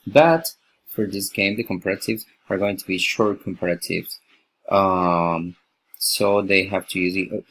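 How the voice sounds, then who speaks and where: A man's voice: on the low side, a little hiss or hum, poor audio. A man whose first language is Spanish explains his lesson plan for a teaching course, with many fillers and restarts. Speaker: English teaching student presenting a lesson plan. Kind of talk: unscripted video presentation.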